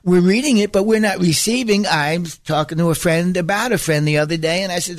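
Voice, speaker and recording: A male preacher with a fairly high voice, driving his points home through insistent repetition. He slips into chatty asides and corrects himself mid-thought. The recording is dry and close, with no room sound. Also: fairly quick, few pauses, no echo. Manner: emphatic, repeats phrases for stress; conversational asides and self-corrections. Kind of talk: sermon.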